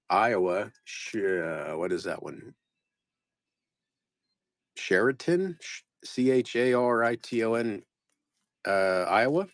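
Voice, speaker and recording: During a live postcard sale, a man with a fairly low voice narrates casually in a dry, studio-quality recording. He reads the name of each card aloud, rambles along, and pokes fun at himself.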